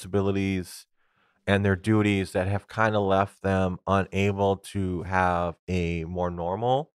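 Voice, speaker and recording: Low-voiced man on a casual podcast. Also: measured pace, smooth, no room sound, clean studio sound. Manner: animated retelling, laughs often. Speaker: podcast co-host. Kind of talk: casual chat.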